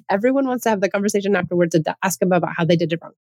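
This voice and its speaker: A woman's voice: on the low side, fairly even intonation, racing, a little mellow, dry recording. A woman hosting a parenting talk, earnest and full of rhetorical questions, often restarting her sentences. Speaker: parenting podcast host. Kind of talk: casual advice talk.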